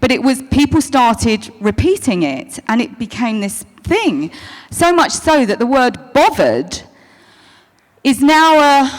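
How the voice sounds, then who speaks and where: A woman answering fan questions at a convention, chatty, stopping and restarting, calling people darling. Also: a little high. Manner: chatty, self-interrupting, calls people darling. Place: convention hall stage. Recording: long hall reverb.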